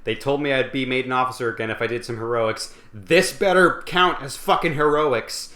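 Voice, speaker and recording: A reckless, cocky male soldier, as a man puts him on, brash and swearing as he pushes forward. The voice is bright, with a roomy echo around it. He sounds swaggering and sure of himself. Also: medium pitch, normal speed, lightly acted.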